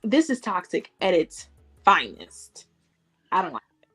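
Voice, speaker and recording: A woman's voice: lowish voice, sing-song, a little slow, a bit bright, husky, soft background music. A woman co-hosting a casual podcast, blunt and profane, often laughing. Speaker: podcast co-host. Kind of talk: casual chat.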